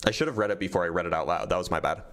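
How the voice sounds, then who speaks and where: A man's voice: low voice, very fast, a bit bright. A man hosting a livestream, casually reading out donor messages and answering them with frequent laughs. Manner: reads donor messages aloud, laughs often. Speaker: streamer reading super chats.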